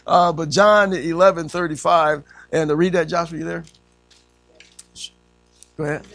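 A man preaching a sermon in a conversational way. He often says amen and voices quotes by pitching up. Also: fairly even intonation, normal speed, gravelly, pauses often, fairly bright tone, no echo. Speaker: pastor.

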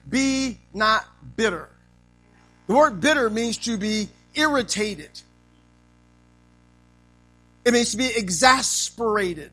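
Man, preacher, sermon, high-pitched, call-and-response, amens. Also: sharp tone, rough recording.

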